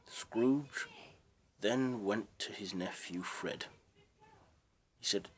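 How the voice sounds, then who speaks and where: A man's voice: lowish voice, very slow, pauses often, slight background noise. A man casually retelling a story as its narrator, in a rambling, unpolished way.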